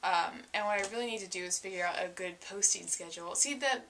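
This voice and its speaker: A woman's voice: medium pitch, fast, a bit bright, a little hiss or hum. A young woman talking casually to camera in a vlog, chatty and self-mocking, with sudden dramatic bursts. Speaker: vlogger.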